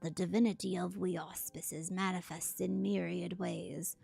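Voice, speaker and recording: A woman voicing a grave, formal ancient spirit lord in a game, reading in a slow, measured, archaic way. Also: on the low side, little pitch movement, creaky, mellow, breathy edge, dry recording, soft background music, exaggerated voice. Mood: solemn.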